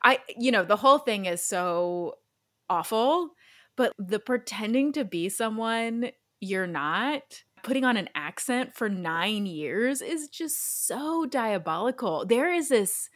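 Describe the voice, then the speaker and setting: A woman stand-up comedian telling an animated anecdote in casual chat, with lots of "like". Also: fairly high pitch, no room sound, studio quality. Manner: animated, quick bursts, lots of "like".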